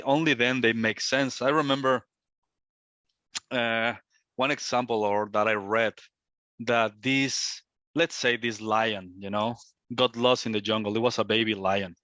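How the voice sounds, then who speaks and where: A man's voice: medium pitch, fairly even intonation, unhurried, a bit bright, dry recording. Reflective male spiritual teacher, dry sound. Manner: reflective, repetitive phrasing. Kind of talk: satsang talk. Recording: dull, lo-fi, dry.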